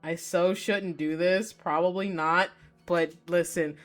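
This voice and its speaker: Excitable woman streamer, reads game text aloud, lowish voice, faint music behind. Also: slow pace. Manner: excitable, shrieking with delight, swearing. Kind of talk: reading a visual novel aloud live.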